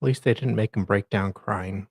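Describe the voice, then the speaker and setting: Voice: low-pitched, normal speed, creaky, slightly rough, no room sound, studio quality. A co-host on a casual live-stream chat, talking in a sarcastic way and breaking into exasperated rants.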